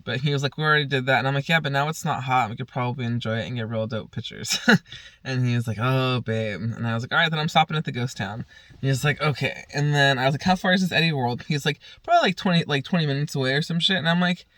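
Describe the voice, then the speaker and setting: A man's voice: medium pitch, fast, a bit bright, dry recording. A young man casually telling a rambling, profane story on his vlog, often laughing. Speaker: vlogger.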